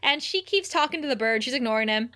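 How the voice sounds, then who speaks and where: A young woman co-hosts a casual podcast, retelling scenes with frequent laughter. Her voice is bright and sits a little high. She slips into livelier, higher tones when she acts out what characters say. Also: expressive, fast talker. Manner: laughs often, acts out quotes with raised pitch. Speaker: podcast co-host. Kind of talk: casual recap chat.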